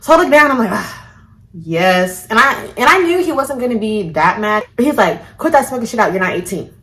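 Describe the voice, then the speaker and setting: Woman, vlog storyteller; tense, bright tone, lively swinging pitch, cusses and acts out the quotes. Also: a little fast, faint music behind. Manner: animated, profane, acts out every quote. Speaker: vlogger.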